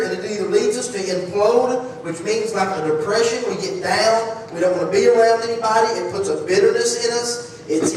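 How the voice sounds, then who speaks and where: A man's voice: sits high, a little hiss or hum. A man preaching a sermon in church, talking conversationally, restarting phrases and asking the congregation questions. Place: church sanctuary. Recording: echoey hall, distant mic.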